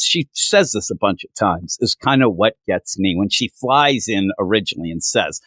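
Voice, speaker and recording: A man's voice: moderate pace, dry recording, studio quality. A man from Minnesota co-hosting a casual comic book review chat, telling anecdotes and acting out the people in them. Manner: animated storyteller, acts out quoted people in high voices. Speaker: comic book podcast co-host.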